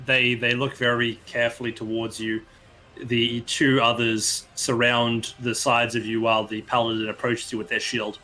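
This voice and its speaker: Game master narrating, man, mid pitch, halting delivery, soft music underneath. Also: flat delivery, rough recording. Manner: hesitant, with restarts and drawn-out pauses.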